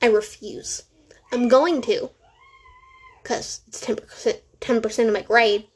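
A woman's voice: on the high side, measured pace, husky. A teenage girl hosting a casual solo podcast from home, rambling, correcting herself and making sarcastic asides. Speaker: podcast host.

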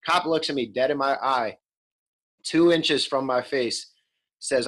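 A man's voice: medium pitch, measured pace, long pauses, fairly bright tone, rough recording. Frank man in his thirties. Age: 30s. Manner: frank, conversational, many ums and restarts. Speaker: interview guest. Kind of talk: candid storytelling.

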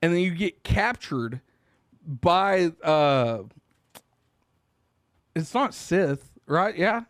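A man co-hosting a podcast, telling a long story in casual, profane chat and getting loud and animated when worked up. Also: a little high, very slow, no room sound, clean studio sound. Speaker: podcast co-host.

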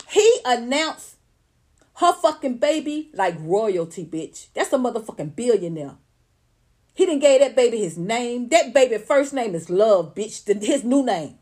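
A woman commentator rants unscripted on a livestream, blunt, profane and emphatic, speaking directly to her viewers and chat. Her voice is a little high and sing-song, unhurried, with a darkish tone.

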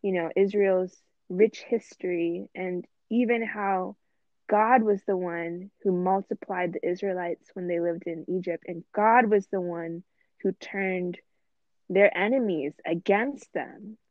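A woman's voice: on the low side, steady tone, slow, no echo. Woman, podcast co-host, earnest and reflective, dry tinny phone-like sound. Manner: earnest, reflective, quotes scripture. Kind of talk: casual faith discussion.

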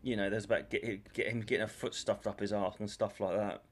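A man's voice: on the low side, steady tone, a little fast, slightly rough. A man, co-hosting a casual comedy podcast and telling crude, jokey stories about a gig. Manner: crude, jokey storyteller who breaks into silly singing. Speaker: co-host, stand-up comic.

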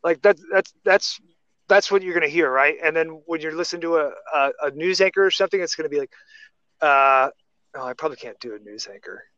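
A man's voice: on the high side, brisk, a bit bright, no echo. Rambling man, muffled dry recording. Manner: rambling, many restarts and tangents. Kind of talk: casual podcast chat.

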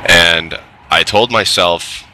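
A middle-aged man with a very deep yet strikingly bright voice tells a story in a casual monologue. He speaks candidly and plainly, with the odd swear word. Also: slow pace, a little hiss or hum, rough recording. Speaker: trades technician telling his story.

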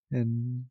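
A man co-hosting a podcast, recapping a film in casual chat, laughing often and retelling scenes with quick quoted lines. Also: mid-range voice, slightly rough, no echo, narrow, tinny audio.

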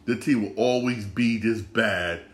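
A man's voice: lowish voice, unhurried, roomy sound. A man hosting a sports podcast, ranting in a frustrated, repetitive way and stumbling over his words. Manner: frustrated, repetitive, stammering restarts. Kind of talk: casual sports rant.

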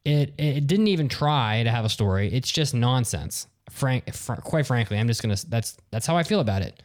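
A man's voice: mid-range voice, expressive, normal speed. A man hosting a casual podcast, talking bluntly and ranting with exasperation. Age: adult with office job. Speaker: podcast host.

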